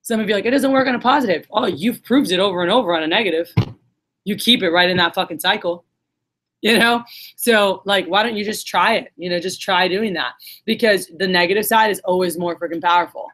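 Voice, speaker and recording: A woman with a medium-pitched, fairly bright voice speaks fairly quickly, giving her sales team a casual motivational talk. She swears and tells stories, acting out the voices of the people in them.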